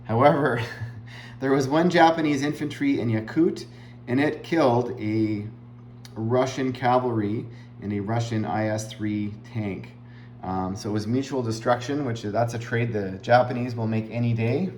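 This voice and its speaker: A man's voice: medium pitch, unhurried, a little mellow. A man talks through a strategy board game round in an easy, explanatory way, pointing things out on a map and leaning on fillers as he goes. His voice sits in a middling register. The recording is roomy and echoey, with a faint hum underneath.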